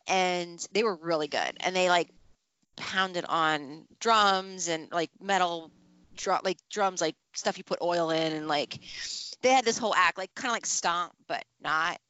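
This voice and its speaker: A woman chatting casually as a podcast co-host, telling stories with lively acted-out reactions. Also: fairly low pitch, a little slow, smooth, no room sound. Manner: animated storytelling, acts out her own reactions. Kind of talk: casual chat. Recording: dull, slightly lo-fi dry sound.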